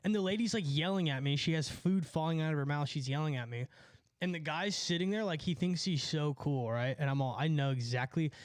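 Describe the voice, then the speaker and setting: Young male streamer, slightly high voice, profane rambling storyteller, dry close sound. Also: fairly quick, no room sound. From California. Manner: profane, rambling, laughs at own stories. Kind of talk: casual storytelling chat.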